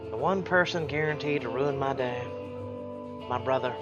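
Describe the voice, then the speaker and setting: A man voicing a friendly, easygoing young cowboy, speaking softly and in a low-key way. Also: moderate pace, over music, close to an everyday voice. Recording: dull lo-fi audio.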